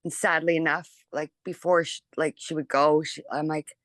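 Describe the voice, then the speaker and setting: A middle-aged woman, a mother telling her story in an interview, chatty and animated, filling her talk with 'like' and acting out what people said. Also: sits low, normal speed, dry recording. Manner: chatty and animated, full of 'like' and acted-out quotes. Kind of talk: emotional personal recollection.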